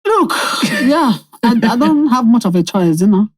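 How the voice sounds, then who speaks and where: A woman's voice: on the high side, normal speed. A Nigerian woman with a Nigerian accent, a guest comedian joking in casual podcast chat. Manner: animated, joking, playful.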